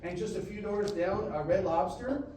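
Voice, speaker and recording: A man's voice: sits high, normal speed, warm tone. Man directing a band. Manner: sings phrases with syllables, jokes with students. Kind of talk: rehearsal instruction. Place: school band room. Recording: echoey band room from far off. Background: room ambience and noise.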